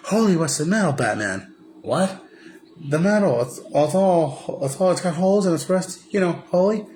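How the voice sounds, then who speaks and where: A brash, hotheaded young sidekick with a high, strained voice that jumps well above a plain speaking voice, as a man puts him on. The lines come out exaggerated and mocking, as if parodied in a casual retelling. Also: lively intonation, normal speed, darkish tone, a little hiss or hum, close to an everyday voice. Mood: goofy.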